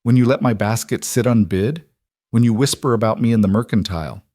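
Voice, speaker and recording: A man's voice: medium pitch, fairly quick, dark tone, no echo, studio quality, lightly acted. A man voicing a grieving widow who speaks firmly and pleads, raising her voice. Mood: firm, hurt. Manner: raised voice, pleading then defiant. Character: grieving widow, proud and firm.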